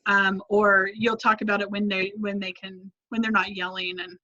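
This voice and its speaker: Bright-voiced woman giving parenting advice. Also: medium pitch, little pitch movement, moderate pace, dull audio. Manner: conversational, many restarts, models phrases to say to kids. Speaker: parenting class instructor. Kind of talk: advice in a live Q&A.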